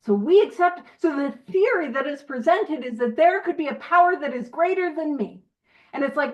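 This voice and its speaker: A woman's voice: high voice, expressive, normal speed, highs cut off. A woman leading a book study group, reading passages aloud and explaining them in a chatty, self-deprecating way, laughing often. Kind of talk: casual teaching and reading aloud.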